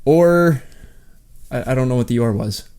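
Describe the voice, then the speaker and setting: A man's voice: medium pitch, animated, a little mellow, clear, resonant tone. A man co-hosting a casual podcast with his wife, thinking aloud with many restarts and mimicking others in exaggerated voices. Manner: halting, restarts often while thinking aloud. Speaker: podcast co-host. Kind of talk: casual chat.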